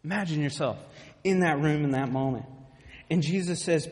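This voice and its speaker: A young man preaching a sermon with lively storytelling, often checking in with the listeners by asking "okay?". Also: a little high, normal speed, long reverb tail.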